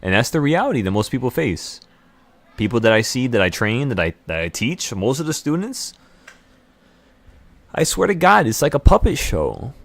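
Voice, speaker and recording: A man hosting a trading channel, speaking in an intense, rambling motivational monologue full of excitement and repeated words. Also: mid-range voice, moderate pace, creaky, no room sound.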